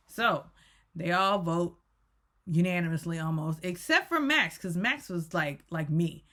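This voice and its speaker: Chatty woman with a slightly low voice. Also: normal speed, bright, forceful tone. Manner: rambling, self-correcting, chatty. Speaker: YouTube reviewer. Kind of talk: casual recap rant.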